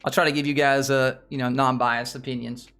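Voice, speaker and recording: A man's voice: medium pitch, level tone, a little fast, a bit bright, faint music behind. A man with a Southern US accent hosting a casual livestream, rambling and chatting with viewers. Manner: rambling, repeats himself, chats with viewers. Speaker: livestream host. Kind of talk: casual livestream chat about stocks.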